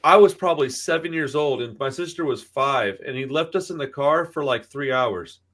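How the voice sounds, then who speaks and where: A man in his thirties co-hosts a podcast, chatting casually and telling profanity-laced stories while acting out the voices of people he quotes. His voice sits in the mid-range, expressive and a bit bright, at a normal speed.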